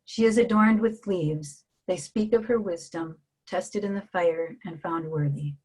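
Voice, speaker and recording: A woman guest artist reading a reflective piece softly, then speaking gently with some hesitation. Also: on the low side, measured pace, slightly rough, rough recording. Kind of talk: reading a reflective text and casual talk.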